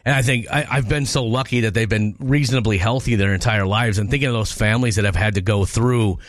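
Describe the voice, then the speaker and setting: A man's voice: lowish voice, fast, no room sound. A man in his forties hosting a casual radio chat, talking in an emotional, stumbling way with restarts, from the American Midwest. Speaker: radio show host. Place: radio studio.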